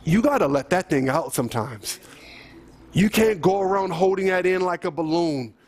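High-pitched male preacher, earnest and urging, delivering a scripture sermon. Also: normal speed. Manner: earnest, exhorting, addresses listeners as saints.

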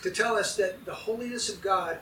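A man's voice: high-pitched, brisk, echoey room, distant mic, noisy background. A man preaching a sermon as pastor, emphatic and putting questions to his congregation.

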